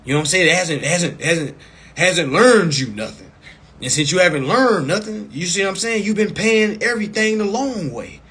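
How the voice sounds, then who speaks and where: A man coaching viewers in a casual live stream over a phone mic, blunt and profane, repeating himself and breaking into loud, emphatic bursts. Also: high-pitched, lively intonation, moderate pace, slightly rough.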